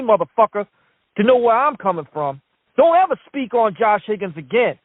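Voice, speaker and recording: A man's voice: very high-pitched, animated, normal speed, no room sound. A male caller on a call-in show delivering a furious, profane rant. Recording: dry phone line.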